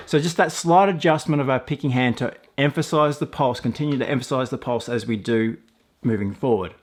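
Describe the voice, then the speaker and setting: A man with a mid-range voice teaches a mandolin tune one measure at a time. He explains patiently, counting beats and calling out up and down strokes. Loud mandolin playing rings out behind him. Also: medium pitch, fairly quick, over loud music. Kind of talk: step-by-step music lesson.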